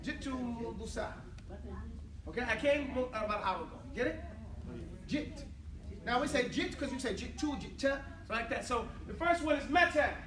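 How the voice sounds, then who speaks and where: A man's voice: very high-pitched, expressive, normal speed, background noise. A man teaching an Arabic class, drilling students with call-and-response and laughing often. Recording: echoey classroom from far off, students chattering.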